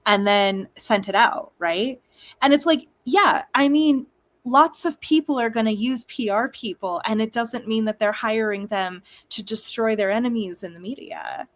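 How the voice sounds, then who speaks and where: A young woman hosts a relaxed conversation in a mid-range voice. She talks in quick, chatty runs with plenty of laughs and asides. The tone is casual, like talking with a friend. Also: mid-range voice. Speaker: host. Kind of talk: casual chat.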